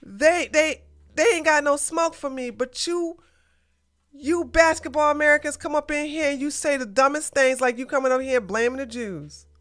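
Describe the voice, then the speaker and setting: A woman's voice: high-pitched, moderate pace, a bit bright. A woman hosting a casual political commentary livestream, blunt and ranting, with plenty of slang. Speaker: podcast host.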